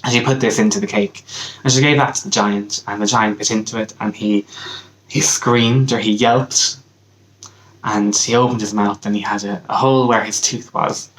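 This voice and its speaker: A young Irish man tells a folk tale at an easy, unpolished pace, pausing and restarting as he goes. His voice sits on the low side, with a faint background hiss. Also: poor audio. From Ireland. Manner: relaxed, hesitant, with many ums and restarts. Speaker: camp counselor, teacher. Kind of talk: casual storytelling of a folk tale.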